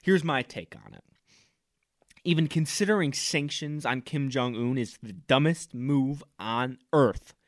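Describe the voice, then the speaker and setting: A man's voice: medium pitch, measured pace, no room sound. Fired-up man ranting in a dry room. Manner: loud, fired-up, mock-pompous. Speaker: podcast host. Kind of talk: comic ranting monologue.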